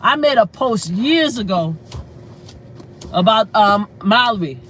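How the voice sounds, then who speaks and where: An outspoken woman chatting on a casual livestream, with a bright, forceful edge to her voice. She is animated, curses freely and laughs her way through stories. A faint hum of noise sits behind her. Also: medium pitch, slow, low-quality recording. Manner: breaks into laughter while storytelling; loses track of names and trails off. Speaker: livestream host. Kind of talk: casual live-stream talk.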